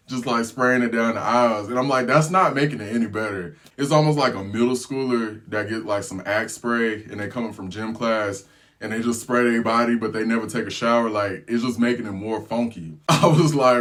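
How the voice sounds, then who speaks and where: A man telling a storytime vlog in a casual, slangy way. He tells it with animated energy and breaks into laughter. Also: on the low side, fairly quick. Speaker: travel vlogger.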